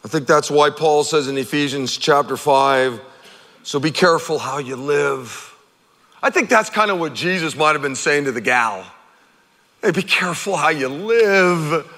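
A middle-aged man preaching a sermon as pastor, conversational and animated, acting out quotes. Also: fairly high pitch, measured pace. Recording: long hall reverb.

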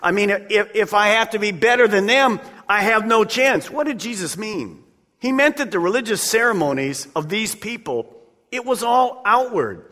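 A man's voice: sits high, lively intonation, normal speed, bright, forceful tone. A man preaching a sermon as pastor, talking emphatically and conversationally with direct appeals to his listeners. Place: church sanctuary. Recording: long reverb of a large church hall.

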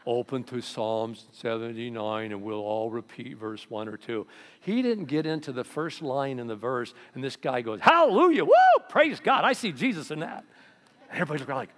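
Male pastor, lively storytelling sermon, swings loud for emphasis. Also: medium pitch, normal speed. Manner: storytelling, animated, acts out voices.

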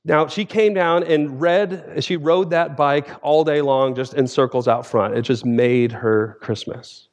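A man in his forties, a theology professor preaching a sermon as guest speaker, telling stories in a lively way and acting out scenes. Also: a little high, a little slow, hardly any pauses. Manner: lively storytelling, acts out scenes.

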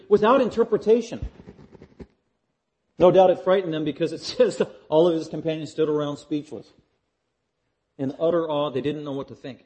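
Emphatic male preacher with a warm voice. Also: high-pitched. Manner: emphatic, building repetition, swings from loud to hushed. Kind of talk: expository sermon.

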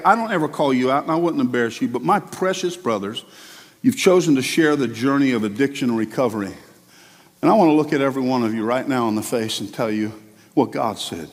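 A male pastor preaching a sermon with passion, his delivery swinging between quiet asides and loud climbs. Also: mid-range voice, in a large hall.

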